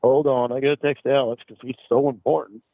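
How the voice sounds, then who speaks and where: A man heard in a recorded call, talking in a sheepish, apologetic way. His voice has a middle pitch. The sound is dry and close. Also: level tone, a little fast, warm tone, no room sound, low-quality recording.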